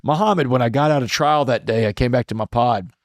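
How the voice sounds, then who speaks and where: A man being interviewed as a podcast guest, telling a personal story in an earnest, reflective way with halting restarts. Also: medium pitch, no echo, studio quality. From Texas.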